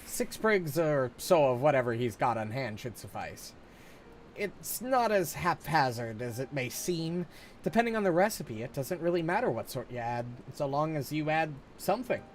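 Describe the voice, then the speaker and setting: A man's voice: on the high side, expressive, moderate pace, slight background noise, voice pushed up, close to an everyday voice. A man reading game dialogue aloud, voicing a humble camp cook in an easygoing, chatty way.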